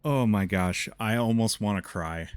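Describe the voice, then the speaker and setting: A man streaming a video game, chatting casually and reacting out loud with excitement. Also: deep voice, no room sound. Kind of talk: casual gaming commentary.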